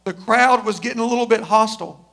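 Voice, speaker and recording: A male preacher tells a story to his congregation in a very high voice. He rushes through side remarks and then slows down, stressing key phrases one by one. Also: creaky, bright, forceful tone. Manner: shifts from quick asides to slow, emphatic phrases. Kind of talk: sermon storytelling.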